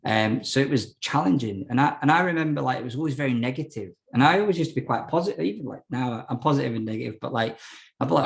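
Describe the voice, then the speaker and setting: A man's voice: mid-range voice, quick pace, creaky. A young man telling his story as a podcast guest, frank and rambling, with many fillers and restarts. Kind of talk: casual storytelling interview.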